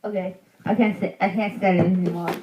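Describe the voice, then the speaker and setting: A woman's voice: fairly low pitch, fairly even intonation, fast talker, a little hiss or hum. A woman vlogger talking in a rambling, playful casual chat, on a dull lo-fi home recording.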